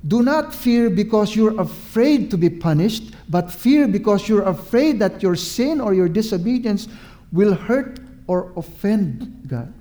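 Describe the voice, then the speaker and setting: A man's voice: high-pitched, animated, a little slow, mellow. A man preaching a sermon, emphatic and repetitive, drawing out his words and asking the listeners questions.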